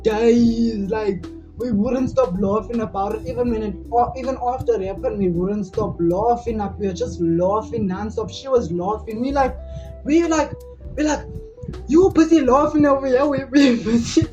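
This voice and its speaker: Woman, casual storyteller, filler-heavy and giggly; dull lo-fi track, soft music bed. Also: fairly high pitch, moderate pace. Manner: rambling, laughing often, many "like" fillers. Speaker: vlogger. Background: faint music.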